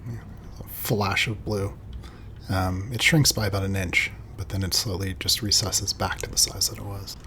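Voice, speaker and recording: A man with a very deep voice narrates a tabletop game as its game master. He describes the scene calmly, pausing often to gather his thoughts. A steady hiss of background noise runs under the home recording. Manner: calm, measured descriptions with frequent "um"s.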